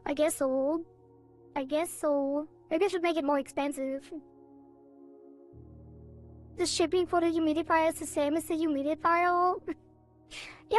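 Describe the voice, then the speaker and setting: A woman's voice: high voice, darkish tone. A woman streaming a game, chatting casually with her viewers in a rambling, giggly way with playful sound effects. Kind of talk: casual live-stream chat.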